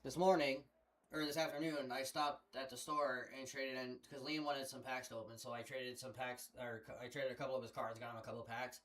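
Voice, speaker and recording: A young man talks into a headset in a loose, rambling way. His voice sits at an ordinary middle pitch, and he swears freely as he tells his story. It sounds like relaxed streaming chat. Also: brisk. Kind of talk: casual chat.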